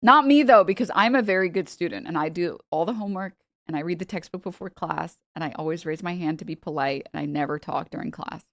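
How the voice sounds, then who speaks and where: A woman's voice: deep voice, quick pace, vocal fry, few pauses, no echo, studio quality. A woman streamer in casual chat, joking and teasing, laughing often.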